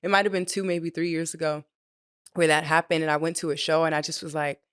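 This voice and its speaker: A young adult woman hosting a relaxed podcast chat, chatty and playful. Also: low-pitched, fast talker, clear, resonant tone, no room sound, studio quality. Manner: chatty and playful, drops into whispers for a joke. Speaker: podcast host. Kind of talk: casual chat.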